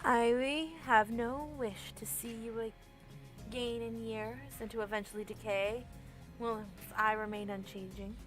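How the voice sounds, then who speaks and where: A woman gives voice to an ancient female spirit trapped in a crystal, formal and old-fashioned in her speech. The voice is bright and sits fairly high. Faint game music plays underneath. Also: fairly even intonation, measured pace. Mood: solemn. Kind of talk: reading game dialogue aloud.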